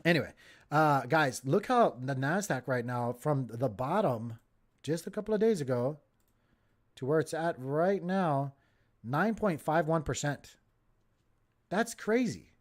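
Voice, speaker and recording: A man hosting a casual crypto livestream, giving excitable, jokey market commentary straight to his viewers. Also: fairly high pitch, measured pace, long pauses.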